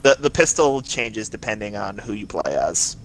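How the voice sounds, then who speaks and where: A man's voice: fairly low pitch, big pitch swings, normal speed, a bit bright, faint music behind, rough recording. A man co-streaming a game, casually swearing and chiming in with tips about how it plays.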